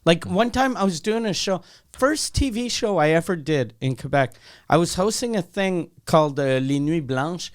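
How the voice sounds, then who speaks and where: Lively, high-voiced comedian man. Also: moderate pace. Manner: chatty, laughs often, with frequent restarts. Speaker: podcast co-host. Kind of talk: casual comedic chat.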